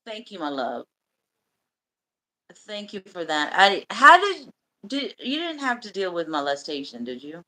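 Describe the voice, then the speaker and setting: Live host, female: bright, hard-edged voice, swears freely, candid halting storytelling. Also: mid-range voice, big pitch swings, low-quality recording. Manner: blunt and profane; emotional, halting confession. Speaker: livestream host.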